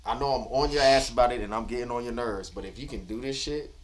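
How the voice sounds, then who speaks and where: A man's voice: medium pitch, quick pace, distant mic. A man in a recording studio speaking earnestly as a producer and guest, explaining his approach at length. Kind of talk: casual chat.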